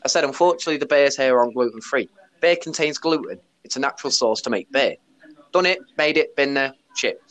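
A man's voice: mid-range voice, expressive, fast talker, a bit bright. A man tells a story on his podcast, blunt and casual. He swears freely and retells what people said. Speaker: podcast host; bar worker.

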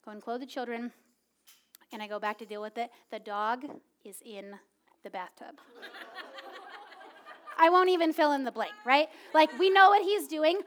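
A woman in her thirties preaching a sermon, telling a personal story in a casual, animated way with many filler words. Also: high-pitched, normal speed. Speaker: pastor.

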